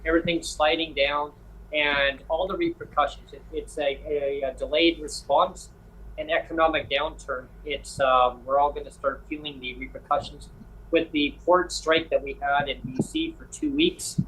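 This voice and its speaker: A man's voice: fairly high pitch, normal speed, a bit bright, rough recording. Chatty man telling a story. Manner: rambling storyteller, acts out dialogue. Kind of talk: casual chat.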